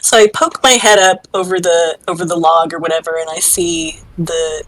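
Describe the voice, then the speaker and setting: A woman's voice: lowish voice, fairly even intonation, moderate pace, a bit bright, dry recording, poor audio. A woman playing a tabletop game, animatedly describing her character's actions with giggles. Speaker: player.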